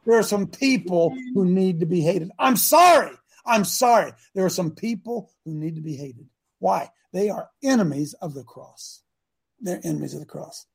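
Gravelly older man preaching fiercely. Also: sits high, normal speed, dark tone. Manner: emphatic, exclamatory, calls out to the audience. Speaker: host and preacher. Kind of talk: fiery live-show sermon.

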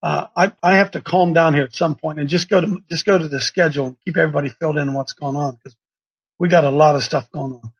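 A man hosting a live call-in show, talking in an excitable, preachy, rambling way. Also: fairly high pitch, quick pace, husky, muffled recording.

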